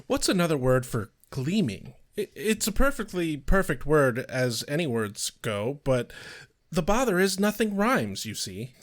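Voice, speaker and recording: A man's voice: fairly high pitch, sing-song, unhurried. A man playing a fussy Victorian poet. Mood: fretful.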